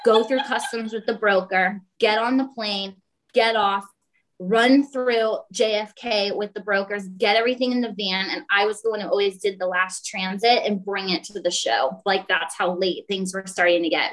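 A woman guest on a talk show tells a story in a casual, chatty way. She acts out the other people's voices as she goes, and her own voice sits at a middle pitch. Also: normal speed, rough recording. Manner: animated, acts out quoted voices.

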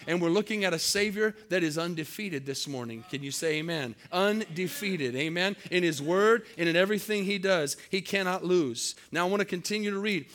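A man's voice: high voice, a bit bright. A male pastor preaching a sermon to his church, calling for amens and building to emphatic peaks. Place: church service.

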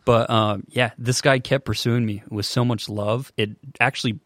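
A man in his twenties, a podcast guest, telling his story in an earnest, halting way with many restarts. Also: mid-range voice, fairly even intonation, fairly bright tone, dry recording, clean studio sound. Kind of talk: casual storytelling.

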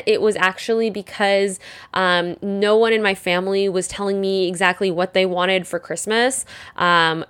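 A woman's voice: medium pitch, fairly bright tone, smooth. Rambling young woman podcast host. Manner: rambling, lots of "like" and "um" fillers. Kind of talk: casual solo podcast chat.

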